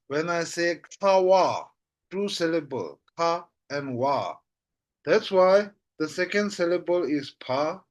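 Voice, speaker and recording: A man teaching a language lesson, repeating syllables slowly and often checking that his listener follows. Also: a little high, very animated. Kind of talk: slow spoken lesson.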